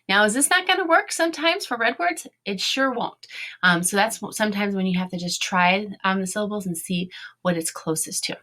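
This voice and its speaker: A woman's voice: medium pitch, sharp tone. A woman in her thirties teaching a phonics lesson to children, patiently sounding out letters and syllables.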